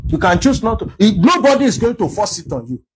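A man's voice: high voice, very animated, fast, a little hiss or hum, rough recording. A Nigerian man preaching a sermon as a pastor, emphatic and full of rhetorical questions.

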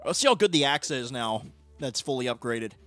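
A young man chatting casually while streaming a game, playful and breaking into loud teasing shouts. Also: mid-range voice, animated, fairly quick, soft background music. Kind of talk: casual gaming chat.

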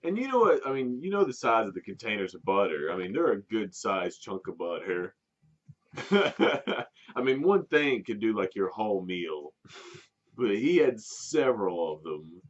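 A man's voice: on the low side, very animated, unhurried, breathy edge. A man casually telling a story to a friend, laughing often and restarting his sentences. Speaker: podcast co-host telling a story. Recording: dull lo-fi sound.

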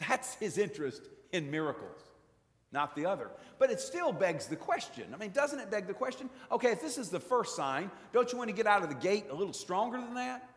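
Animated, high-voiced preacher in a church. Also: male voice, fairly quick. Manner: folksy, humorous storytelling. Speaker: pastor. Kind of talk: sermon. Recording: long church reverb.

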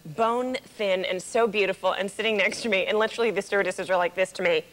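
A woman's voice: medium pitch, steady tone, fast talker, a bit bright, rough recording. A woman in her thirties from Canada, a talk show guest who giggles and acts out quoted lines as she tells her stories. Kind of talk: casual talk show chat.

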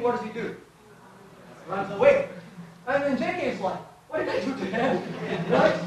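A man's voice: very high voice, a little hiss or hum. Man lecturing in an echoey hall. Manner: lively, quizzes the audience with rhetorical questions. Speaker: conference speaker. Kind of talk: live technical talk with live coding. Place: large conference hall.

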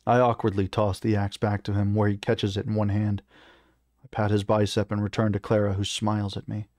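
A man reading a first-person fantasy story aloud in a measured, even narrating manner. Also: lowish voice, no echo, studio quality. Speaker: reader.

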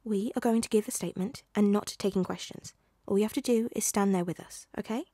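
A woman voicing a calm, reassuring mother figure in a soothing manner. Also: medium pitch, brisk, husky, dry recording, studio quality, close to an everyday voice.

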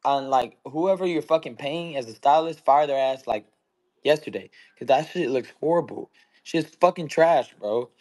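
A man's voice: medium pitch, normal speed, a little mellow. A young man in his twenties, a boxer talking bluntly and heatedly in casual chat, swearing constantly. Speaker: boxer guest.

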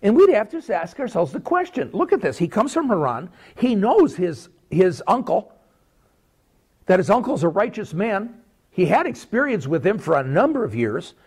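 A man preaching a sermon as pastor, animated, with repeated rhetorical questions and swings between loud and quiet. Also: sits high, moderate pace, breathy edge.

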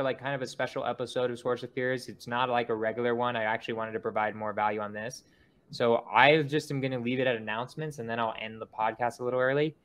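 A man's voice: medium pitch, a bit bright. A young man hosting a podcast, talking in a loose, rambling way with lots of fillers. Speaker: podcast host. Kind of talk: casual podcast chat.

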